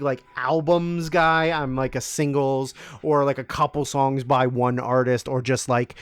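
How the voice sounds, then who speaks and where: Co-hosting a podcast, a man in his thirties fields listener questions in a casual, rambling, profane Q&A chat. His voice is medium-pitched and clean, with no echo.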